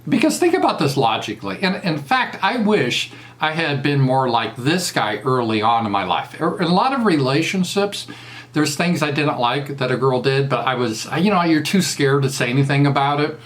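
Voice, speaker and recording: A man's voice: mid-range voice, big pitch swings, normal speed, a bit bright. A man with a Southern US accent doing a casual commentary monologue, mocking and crude, laughing at his own jokes. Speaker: political commentator.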